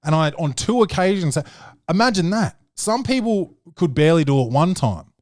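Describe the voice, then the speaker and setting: A young man hosting a podcast, telling stories in a profane, slangy, animated way. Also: fairly high pitch, normal speed, no room sound, clean studio sound. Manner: swearing, slangy, animated storytelling. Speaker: podcast host. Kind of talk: casual profane monologue.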